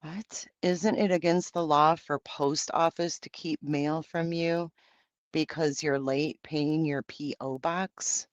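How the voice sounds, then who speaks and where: A man's voice: a little high, steady tone, takes it slowly, dry recording. A man hosting a livestream, reading out and answering viewer comments in brash, profane, campy banter. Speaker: livestream host.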